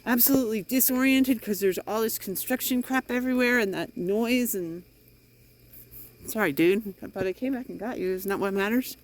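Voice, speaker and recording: Caught in the rain on a walk, a middle-aged woman delivers a frustrated, emphatic vlog monologue into her phone. She speaks at a moderate pace in a voice on the high side.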